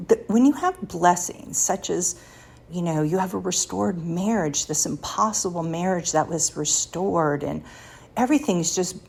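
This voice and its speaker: A woman in her sixties with a low, slightly mellow, husky voice hosts a faith podcast. She shares personal stories in a confiding way, laughing lightly between thoughts.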